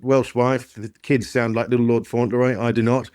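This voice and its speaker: A man's voice: mid-range voice, moderate pace, dry recording, studio quality. A man in his fifties with an Australian accent, a guest chatting casually in a podcast interview with plenty of fillers. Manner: relaxed, chatty, frequent fillers. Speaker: guest, company founder.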